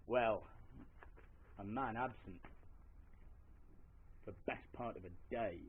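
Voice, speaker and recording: A man's voice: lowish voice, slow pace. A man telling a folk tale live in a hall, chatty and throwing asides to the audience. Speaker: storyteller. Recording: tinny lo-fi live recording, faint hiss.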